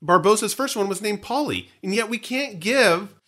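Bright-voiced chatty man hosting. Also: sits high, animated, moderate pace. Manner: chatty, jokey, frequent laughter. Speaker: podcast co-host. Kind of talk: casual chat.

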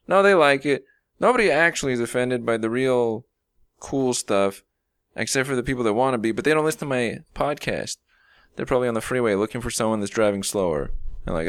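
A man's voice: medium pitch, a little fast, fairly bright tone, clean tone, no echo, studio quality. A man hosting a podcast, chatting casually and making joking, rambling asides. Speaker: podcast host.

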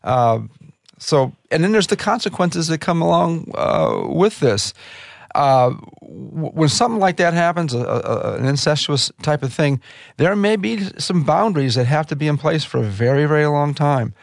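A man's voice: a little high, very animated, normal speed, creaky, no echo, studio quality. A man hosting an interview, asking questions and adding points in a conversational way with frequent fillers. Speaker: host. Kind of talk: radio interview talk.

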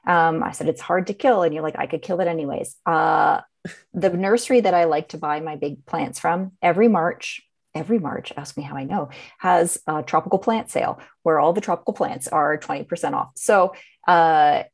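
Woman, slightly low pitch, casual chat, animated, laughs often. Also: normal speed, gravelly. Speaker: podcast co-host.

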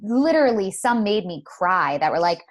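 A woman's voice: mid-range voice, sing-song, moderate pace. Encouraging woman podcast host. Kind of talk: conversational podcast interview.

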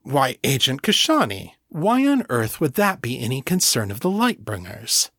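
A man's voice: mid-range voice, very animated, normal speed, bright, forceful tone, husky, dry recording, exaggerated voice. Brief: man doing a cocky, drawling incubus, mocking tone, dry close read. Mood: smug. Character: smug male incubus, cocky and teasing.

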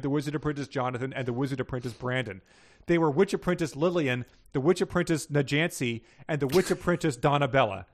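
A man hosting a podcast, reading short stories aloud and chatting casually, often laughing. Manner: reads stories aloud, voices characters with raised pitch, laughs often. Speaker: podcast host reading passages. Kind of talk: read-aloud storytelling with casual chat.

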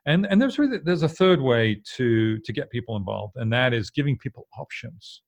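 A man with a middle-pitched voice co-hosts a casual podcast. He explains his points earnestly and often restarts or repeats words as he talks. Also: animated, moderate pace, dry recording. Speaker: podcast co-host.

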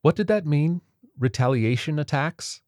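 A man voicing a violinist panicking in a basement during bombings, shrill and swearing. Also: lively intonation, moderate pace, darkish tone, no room sound, studio quality, lightly acted. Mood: alarmed. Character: panicked violinist in an air raid.

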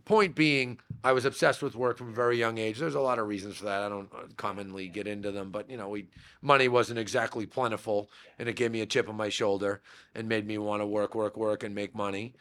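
A man's voice: on the low side, fairly even intonation, fast, fairly bright tone. A man from Massachusetts, a podcast guest, telling rambling childhood stories in a casual interview, with many fillers and restarts. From Massachusetts, USA. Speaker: real estate brokerage owner, podcast guest.

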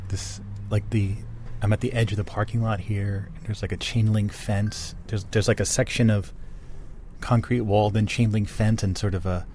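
Lower-voiced man rambling while driving. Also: steady tone, moderate pace, dark tone, a little hiss or hum. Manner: rambling, musing aloud to himself. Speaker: vlogger. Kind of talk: casual narration while driving. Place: in a moving car.

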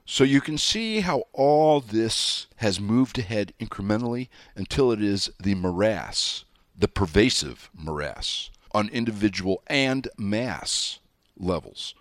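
A man's voice: lowish voice, animated, slow, no echo, studio quality. A middle-aged man hosting a talk show, delivering an emphatic monologue with sarcastic asides and spelled-out words. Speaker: show host.

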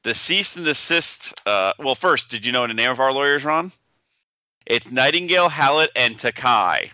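A man's voice: mid-range voice, animated, normal speed, sharp tone, clear, resonant tone, no echo, lo-fi sound. A man co-hosting a podcast, joking in mock-outraged banter. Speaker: podcast co-host. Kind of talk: casual chat.

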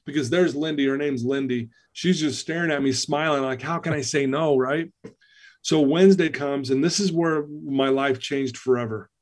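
A man's voice: a little high, moderate pace, a little mellow. A middle-aged man, a personal-development coach, tells his life story as a podcast guest, acting out the dialogue.

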